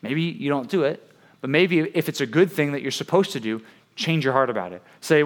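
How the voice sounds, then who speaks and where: A man's voice: on the high side, animated, fairly quick. A man preaching to young people in a conversational way, often asking "right?" and acting out the voices he quotes. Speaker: youth preacher.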